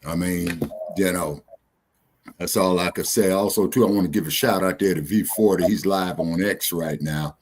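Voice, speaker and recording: A man's voice: sits low, normal speed, a little hiss or hum. A man hosting a casual talk show, easygoing and drawn out, with many fillers. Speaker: host.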